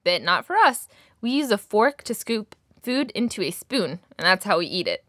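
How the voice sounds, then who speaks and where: Woman language teacher, lively up-and-down delivery, dry close sound, clear slow modelling of words. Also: medium pitch, no room sound. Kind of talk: language lesson.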